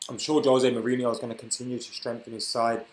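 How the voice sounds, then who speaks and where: A man's voice: mid-range voice, level tone, quick pace, roomy sound, poor audio. Hiccuping young man on a live stream. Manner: chatty, reads out viewer comments. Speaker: host of a football live stream. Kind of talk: casual live stream chat. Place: room at home.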